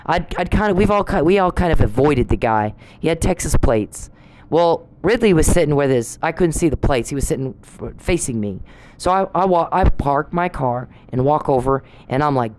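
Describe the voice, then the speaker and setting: A woman's voice: sits low, animated, normal speed, a little mellow, a little hiss or hum, low-quality recording. A woman hosting her own podcast, telling a story bluntly and with swearing, accusing someone she addresses directly. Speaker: podcast host. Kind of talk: angry personal podcast monologue.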